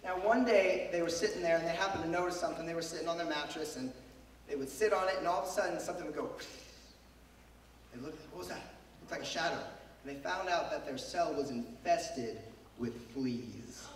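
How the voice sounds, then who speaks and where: A man's voice: fairly high pitch, fairly quick, slight background noise. A man who is losing his voice, giving a devotional talk to a group of young people, telling a story and asking the crowd questions. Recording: echoey hall, speaker far from mic.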